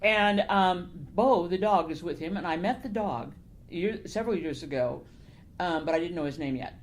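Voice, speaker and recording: A woman's voice: on the low side, animated, moderate pace. An older woman author, talking in a casual interview, telling her stories with animation, laughing often and growing emotional. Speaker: novelist guest. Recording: faint background noise.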